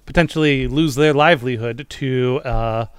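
A man's voice: mid-range voice, moderate pace, smooth, no room sound, clean studio sound. A man co-hosting a comedy podcast, with an earnest, straight-faced delivery in improvised chat. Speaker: podcast co-host.

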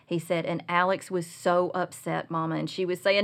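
Earnest middle-aged woman, lowish voice. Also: moderate pace, hardly any pauses. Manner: earnest, confessional, animated when retelling. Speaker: guest speaker on Christian parenting. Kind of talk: personal storytelling in conversation.

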